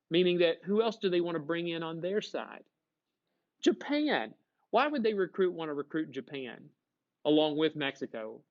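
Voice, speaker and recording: A man's voice: fairly high pitch, lo-fi sound. A man teaching a history class, talking casually and asking his students questions before answering them himself. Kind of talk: classroom lecture.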